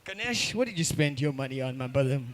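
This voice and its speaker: A man's voice: medium pitch, expressive, fast talker, a bit bright, no echo. A man hosting a comedy show, teasing and swearing at the crowd from a bar stage. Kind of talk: stand-up crowd work.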